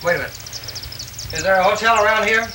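An actor playing a polished city singer, polite and somewhat hesitant. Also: male voice, high voice, quick pace, pushed and bright. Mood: brisk. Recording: 1960s film soundtrack, distant, faint hiss.

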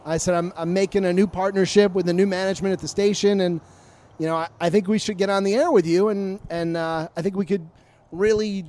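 A man's voice: high voice, brisk. A man casually recounting sports media stories on a podcast, acting out the arguments he quotes. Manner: animated storyteller, acts out quoted arguments.

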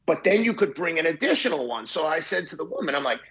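Bright husky man in his fifties. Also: on the high side, fast talker. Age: 50s. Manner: profane, animated anecdote telling. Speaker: podcast guest, marathon runner. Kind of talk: casual storytelling chat.

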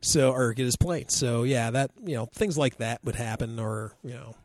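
Animated storytelling man, dry close mic. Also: medium pitch, moderate pace, dry recording. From Alaska. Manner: animated storyteller, acting out quotes in raised voices. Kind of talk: casual chat.

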